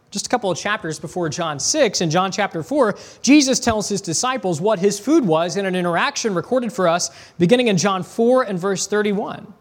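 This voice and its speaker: A man with a notably high voice delivers a sermon. He reads scripture aloud, drops in conversational asides and rhetorical questions, and slows down deliberately when stressing a point. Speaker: preacher.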